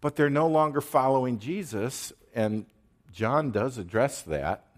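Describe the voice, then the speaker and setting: A man preaching a teaching sermon, stressing words and pausing to check in with his listeners. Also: mid-range voice, expressive. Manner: emphatic, pauses to drive points, checks in with "okay?". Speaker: pastor.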